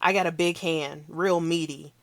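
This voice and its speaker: A woman's voice: low voice, steady tone, moderate pace, no echo, studio quality. A woman reading aloud as a big, tough-talking man telling his story in a brash, swaggering first person. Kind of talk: read-aloud novel.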